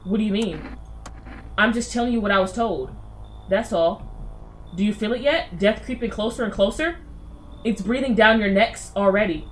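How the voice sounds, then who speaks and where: A woman voicing an ominous stranger who calmly foretells death, cold and cryptic. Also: medium pitch, normal speed, long pauses, slight background noise, natural voice. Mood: menacing. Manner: calm, menacing and cryptic.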